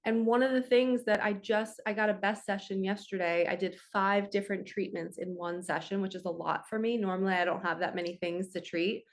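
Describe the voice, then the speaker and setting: A woman's voice: mid-range voice, fairly even intonation, brisk, hardly any pauses. Earnest woman, heartfelt spiritual talk. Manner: earnest and reflective, with frequent "like" and "um". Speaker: spiritual coach and channel host. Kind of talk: casual heartfelt talk to camera.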